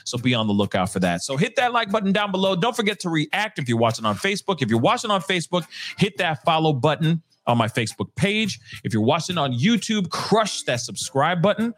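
A man's voice: a little high, big pitch swings, a little fast, fairly bright tone. A man hosting a casual live news commentary show, talking straight to his viewers and laughing at his own jokes.

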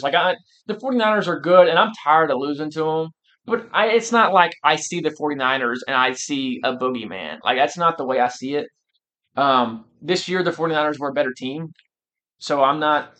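A man's voice: fairly high pitch, a bit bright. A man co-hosting a casual sports podcast, talking emphatically and animatedly with many restarts. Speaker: podcast co-host.

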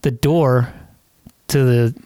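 A man's voice: mid-range voice, fairly even intonation, takes it slowly, warm tone, clear, resonant tone, dry recording. A man co-hosting a podcast who tells a story in casual chat, swearing often and laughing as he goes. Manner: profane, laughing while telling a story. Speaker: podcast co-host. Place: podcast studio.

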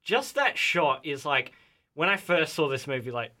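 A man's voice: fairly high pitch, big pitch swings, normal speed, pushed and bright. A man chatting enthusiastically on a film podcast, leaning heavily on "like". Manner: enthusiastic, heavy use of "like". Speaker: podcast panelist. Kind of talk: casual film podcast chat.

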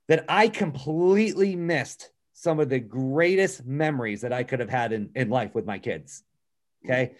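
A middle-aged man giving a motivational talk on a call, earnest and storytelling, often checking in with "okay" and "right?". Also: a little high. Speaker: business speaker on a call.

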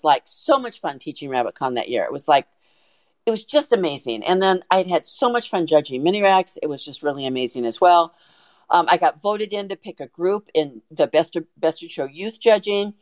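A woman guest on a podcast, telling a story in an excited, animated way with frequent restarts. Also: lowish voice, no echo. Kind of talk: casual storytelling.

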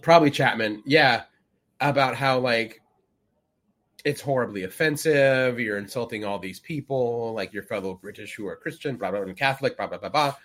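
A man's voice: mid-range voice, moderate pace, a bit bright. A man co-hosting a podcast in casual chat, rambling with lots of fillers and acting out quotes as he goes. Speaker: podcast co-host.

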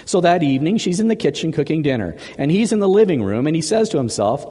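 Pastor guy preaching, voice bounces all over, kinda high, echoey hall. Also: fast talker, hardly any pauses, breathy edge. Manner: animated and chatty, stacks up repeated words. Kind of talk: sermon.

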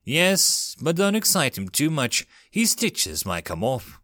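Man voicing a calm female ship's doctor. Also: on the high side, slow, no echo, studio quality, voice pushed up, heavily acted. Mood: reassuring. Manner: reassuring.

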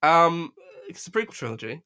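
Bright-voiced man rambling in casual chat. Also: on the high side, sing-song, moderate pace, clear, resonant tone. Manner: rambling, profane, laughs often. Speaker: podcast co-host.

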